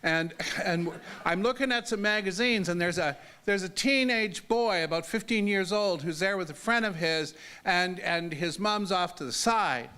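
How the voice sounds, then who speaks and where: High, bright-voiced older man storyteller. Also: normal speed, smooth. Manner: conversational, humorous, frequent "okay?" check-ins. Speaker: disability advocate speaker. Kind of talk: storytelling talk.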